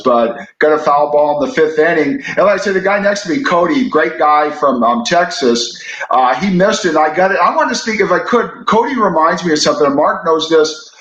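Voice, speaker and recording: A man, a sports reporter co-hosting a talk show, telling stories in a relaxed, chatty way. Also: a little high, muffled recording. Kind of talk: casual chat storytelling. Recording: echoey room.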